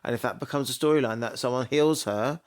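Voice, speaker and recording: A man co-hosting a podcast in casual chat, animated and argumentative. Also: mid-range voice, quick pace. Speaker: podcast co-host.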